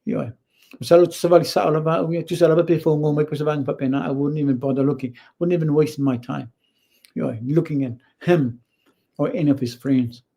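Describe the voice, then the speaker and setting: A man's voice: on the high side, steady tone, a little fast, gravelly, warm tone. A man with a Samoan accent hosting a show, giving blunt, opinionated commentary and mixing Samoan with English. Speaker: host. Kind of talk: casual commentary.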